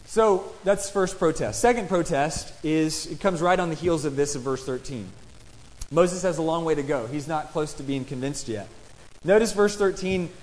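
Man, preacher, sermon, fairly high voice, conversational, rhetorical questions, long hall reverb. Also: moderate pace, darkish tone. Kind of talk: sermon with scripture reading.

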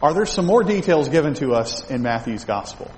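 A man's voice: on the high side, very animated, brisk, darkish tone, slight background noise. A male pastor preaching an expository sermon in a conversational way, with restarts and asides to the congregation, in a church sanctuary. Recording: echoey hall, faint ambience.

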